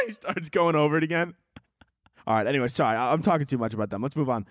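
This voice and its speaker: A man's voice: medium pitch, lively intonation, quick pace, no room sound, clean studio sound. A young man hosting a podcast, with a rambling, profane comic monologue, often laughing at his own jokes. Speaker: podcast host. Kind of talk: casual comedic monologue.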